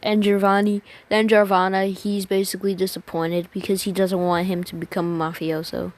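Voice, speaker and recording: A woman's voice: mid-range voice, flat delivery, normal speed. A woman improvises a fan story aloud in a loose, rambling way. She keeps restarting sentences and mixing up character names, and she drops casual swear words as she goes. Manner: rambling, many restarts and name slips.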